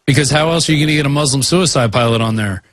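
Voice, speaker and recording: Measured male co-host, mid-pitched. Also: a bit bright, no room sound. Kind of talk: radio talk show discussion.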